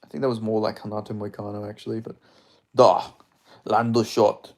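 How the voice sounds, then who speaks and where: A young man, a streamer, giving excitable, swearing commentary as he watches a live fight and chats with viewers. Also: on the low side, brisk. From Australia. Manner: excitable, swearing, chatty reactions.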